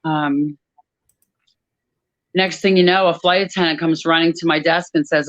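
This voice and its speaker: A woman giving a personal testimony about her work at an airline crew desk, talking in a halting way with many pauses and restarts. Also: low voice, fairly even intonation, no room sound, poor audio.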